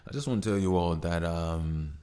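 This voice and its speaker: Deep, dark and smooth, the man's voice moves at a moderate pace as he hosts his own podcast. It's a relaxed, meandering solo monologue packed with fillers and false starts.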